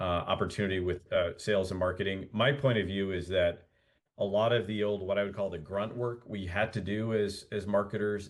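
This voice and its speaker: A middle-aged man talks eagerly on a video call and lays out strong opinions. His voice sits low and deep. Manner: enthusiastic, opinionated. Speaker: roundtable participant, marketer. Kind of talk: casual video call discussion.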